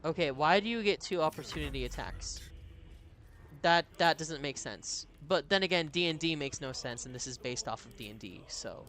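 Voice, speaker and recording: Chatty streamer guy, somewhat high voice. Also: expressive, normal speed, fairly bright tone. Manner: chatty, laughs often, reads viewer messages aloud. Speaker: game streamer. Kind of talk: casual live-stream chat over gameplay.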